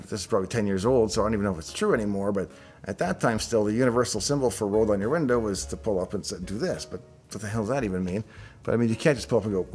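A middle-aged man hosting a show, casually thinking aloud as he reacts to on-screen designs with chatty asides. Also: lowish voice. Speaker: show host reviewing software designs.

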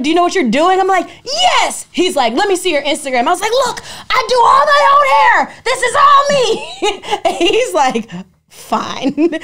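Casting note: young woman podcast co-host, high voice, swears freely, acts out everyone in her stories. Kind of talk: casual podcast storytelling.

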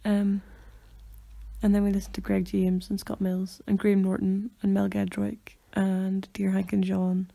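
A woman's voice: mid-range voice, completely flat delivery, measured pace, gravelly, dark tone. A young Northern Irish woman co-hosting a podcast in casual, chatty talk, laughing often. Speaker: podcast co-host. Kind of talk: casual chat.

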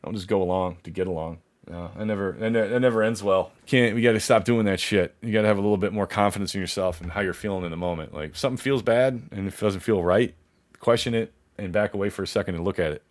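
Man with a lowish voice, vlogger, rambling story, cursing a lot, restarts mid-sentence. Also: quick pace. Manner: profane, rambling, frequent restarts; animated, acts out others' voices. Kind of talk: casual storytelling.

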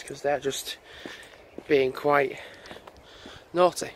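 A man vlogs casually while walking outdoors along a lane by a busy road, rambling aloud into a handheld camera. His voice is a little high and slow with fairly even intonation, and wind and traffic noise fill the recording.

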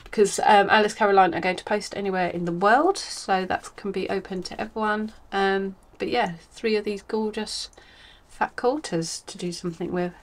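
A woman's voice: medium pitch, steady tone, normal speed, few pauses. A woman hosting a crafting podcast from home, chatting casually and rambling, with many ums and self-corrections. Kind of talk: casual chat.

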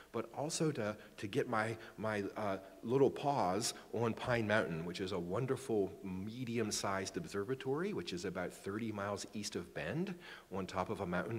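A man's voice: lowish voice, slightly rough, big-room sound. A man in his forties giving a public astronomy lecture, chatty and joking about himself, often restarting his sentences. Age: 40s. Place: lecture room.

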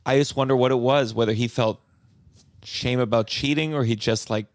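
A man hosting a podcast, asking quick, curious follow-up questions in casual chat. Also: mid-range voice, steady tone, no room sound. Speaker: podcast host.

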